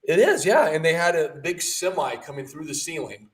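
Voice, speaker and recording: A man's voice: fairly high pitch, sing-song, moderate pace, distant mic. A man co-hosting a casual livestream, chatty and enthusiastic as he talks about food and plugs his business. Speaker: mortgage lender and co-host.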